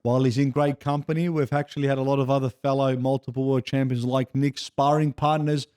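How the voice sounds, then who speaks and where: A man's voice: mid-range voice, little pitch movement, brisk, darkish tone, clean tone, no room sound, clean studio sound. A man hosting a podcast interview in a gym, upbeat and chatty, a little out of breath after sparring. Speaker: podcast host. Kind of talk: casual interview.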